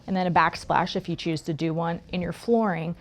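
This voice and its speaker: A woman's voice: lowish voice, steady tone, a little fast. A woman who works as an interior designer, chatting as a guest and explaining her process step by step, often checking in with "right?". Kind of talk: casual interview chat.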